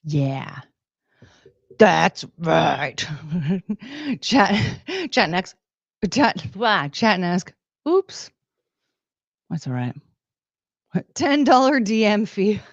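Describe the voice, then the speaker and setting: A woman's voice: medium pitch, big pitch swings, drawn-out words, creaky, pauses often, no echo. Playful woman livestreamer, dry dull sound. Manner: playful, reads out super chats with beeping sounds. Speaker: livestream host. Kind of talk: casual livestream chat.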